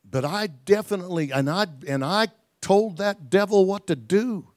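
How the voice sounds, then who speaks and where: A man preaching a sermon, telling a story in a folksy way, stumbling over repeated words and building to loud shouts. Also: high-pitched, normal speed.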